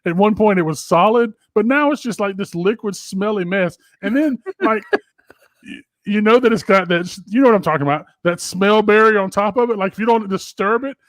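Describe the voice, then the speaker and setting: A middle-aged man co-hosts a casual podcast from home, telling stories with lots of swearing and animated energy. His voice sits a little high. The sound is dry and close. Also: a little fast, no echo. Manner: profane, animated storyteller. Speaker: podcast co-host. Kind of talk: casual chat. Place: home office.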